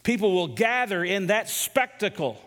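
Male pastor, sermon delivery, emphatic with rhetorical questions, slightly high voice, long hall reverb. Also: very animated, normal speed. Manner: emphatic, rhetorical questions, swings from loud to hushed.

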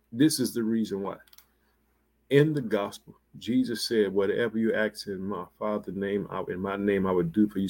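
A man preaching a sermon with fervent emphasis, calling out to his listeners and swinging from loud exclamations to hushed near-whispers. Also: fairly low pitch. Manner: fervent, emphatic, repetitive call-outs to listeners.

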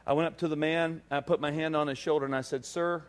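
A male pastor preaching to his congregation, telling a story with lively, acted-out dialogue. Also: fairly high pitch, fast. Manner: animated storytelling, acting out dialogue. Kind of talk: sermon. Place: church service.

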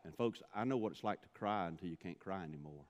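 A man's voice: low voice, lively intonation, fast talker, darkish tone, big-room sound. A man from Mississippi, preaching a sermon, telling stories and building to impassioned pleas. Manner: storytelling, rising to impassioned pleading.

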